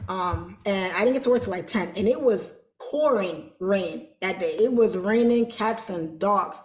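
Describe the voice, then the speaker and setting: A woman telling a story as an interview guest, animated and colloquial, acting out quoted voices. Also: mid-range voice, measured pace, roomy sound. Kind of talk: casual storytelling.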